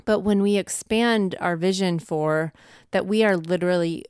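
Low-voiced, earnest female podcast co-host. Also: moderate pace, a little mellow, clear, resonant tone, dry recording, studio quality. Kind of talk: casual conversational podcast.

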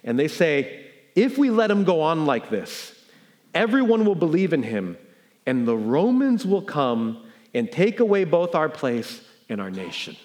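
Male pastor, animated sermon delivery, high voice with wide swings in pitch. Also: measured pace. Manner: animated, builds to incredulous emphasis; conversational with fillers and restarts.

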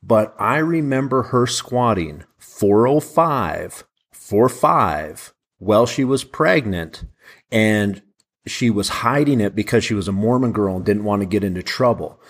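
Guy hosting a podcast, husky voice, goes up and down a lot. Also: lowish voice, measured pace. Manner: relaxed, backchannels a lot with "yep". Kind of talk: casual chat.

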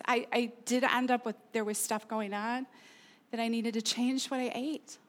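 High-voiced woman preaching a sermon. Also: fairly even intonation, normal speed, sharp tone. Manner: earnest, personal, asks the audience questions. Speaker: pastor.

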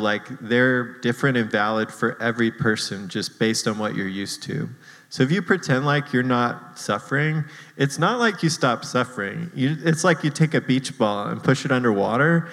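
A man's voice: mid-range voice, a bit bright, in a large hall, low-quality recording. A man preaching a sermon as pastor, casual and self-deprecating, laughing often between points.

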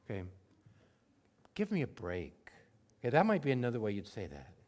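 A man preaching a sermon in a conversational way, acting out prayers in everyday words and moving between emphatic bursts and hushed moments. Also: medium pitch, huge pitch swings, quick pace. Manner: conversational, swings from loud emphatic to soft and hushed. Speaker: pastor.

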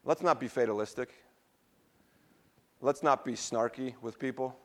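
A middle-aged male pastor delivers a sermon in an easy, conversational voice of medium pitch. He tells personal stories, trips over his words now and then, and laughs at himself. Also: a little slow.

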